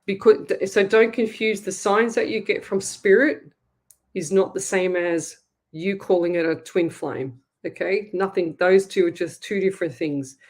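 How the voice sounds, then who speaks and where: A woman's voice: mid-range voice, measured pace, a little mellow. Australian woman host, casual live psychic readings, rambling and direct, mid-range voice. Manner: chatty, rambling, direct advice-giving. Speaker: psychic medium radio host.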